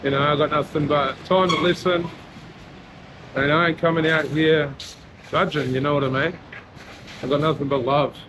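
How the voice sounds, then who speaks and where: A man's voice: fairly high pitch, moderate pace, long pauses. A man with an Australian accent chatting casually while walking around his area, sincere and loose, leaning on lots of "you know". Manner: relaxed, heartfelt, filler-heavy with frequent "you know". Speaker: vlogger and rapper. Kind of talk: casual walk-and-talk vlog. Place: outdoors in a town street and mall. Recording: noisy outdoor street recording.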